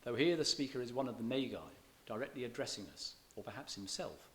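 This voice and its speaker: A man's voice: mid-range voice, fast talker, a bit bright. A man lecturing on poetry to an audience, chatty and digressive, often stopping to correct himself. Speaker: visiting lecturer in English. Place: church hall.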